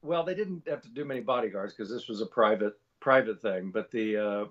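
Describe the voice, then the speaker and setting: A man's voice: fairly low pitch, a little fast, highs cut off. Rambling male voice actor telling a story. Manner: rambling, with many fillers and restarts. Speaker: voice actor guest. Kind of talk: storytelling anecdote.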